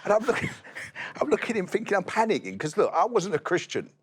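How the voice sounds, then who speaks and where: A man, a guest in an interview, telling his testimony as a lively storyteller who acts out the dialogue. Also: high voice, quick pace, a little hiss or hum.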